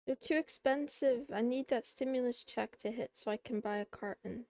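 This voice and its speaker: A woman streamer chatting casually with her viewers in a soft, playful, giggly way. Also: a little high, normal speed, no room sound.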